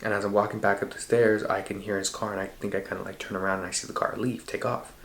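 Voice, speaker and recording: A man hosting a podcast, recounting a dream in an animated, slangy and profane way. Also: on the low side, fast talker, creaky. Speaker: podcast host. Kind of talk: casual storytelling. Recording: roomy echo.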